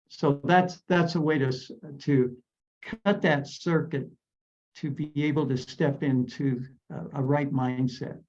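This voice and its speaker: A man from Idaho giving measured, explanatory coaching advice as a guest on a video call. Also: mid-range voice, darkish tone, dull audio. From Idaho, USA.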